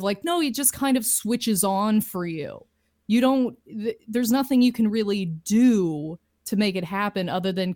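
A woman's voice: medium pitch, a little mellow, no room sound, studio quality. A woman comedian from Ontario, Canada, answering interview questions in a chatty, loose way full of "like" and "you know". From Lindsay, Ontario, Canada. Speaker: comedian guest.

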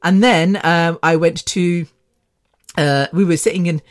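On the low side and steady in tone, her voice moves a little slowly as this fifty-something podcast host rambles through a chatty story, laughing often and swearing once in a while.

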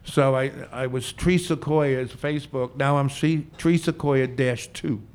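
A man's voice: medium pitch, steady tone, unhurried, a little mellow, smooth. An older man in his seventies, a veteran bartender telling stories in a Q&A, chatty and joking with frequent laughs. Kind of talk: storytelling in a Q&A.

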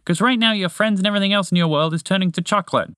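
A man voicing an impatient, bossy male toucan in a read-aloud story, calling out loud and urgent. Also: sits high, racing, clean tone, no echo, clean studio sound, pitched above the performer's own voice.

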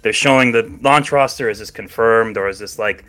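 A man's voice: fairly low pitch, moderate pace, fairly bright tone. A man co-hosting a casual chat show about video games, chatty and hedging, laughing easily. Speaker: podcast co-host.

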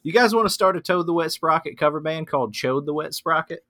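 A man's voice: a little high, quick pace, pushed and bright, no echo. A man co-hosting a casual podcast, dropping dry wisecracks and puns. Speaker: podcast co-host. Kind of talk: casual banter with friends.

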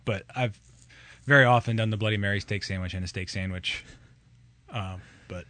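A man's voice: lowish voice, normal speed, pushed and bright, dry recording. A man co-hosting a podcast, chatting casually about movies in a rambling way. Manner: rambling, with many fillers and restarts. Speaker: podcast co-host.

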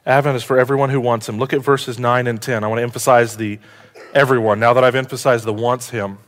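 A man preaching from the pulpit at an ordinary middle pitch. He quizzes the congregation and keeps shifting between excited, rising emphasis and quiet, earnest moments. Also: quick pace. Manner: animated, asks the congregation questions, swings from loud to hushed. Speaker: pastor. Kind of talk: sermon.

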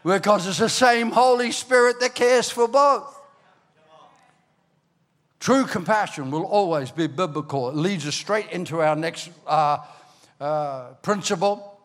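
An older man from Ireland, preaching a sermon as a pastor, telling stories with animated bursts into shouting. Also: high voice, a little slow. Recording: long hall reverb.

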